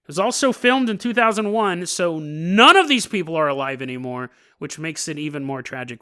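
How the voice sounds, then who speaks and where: A man hosting a podcast, telling a story casually with joking asides and quick laughs. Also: on the high side, bright, forceful tone, clean tone. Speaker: podcast host.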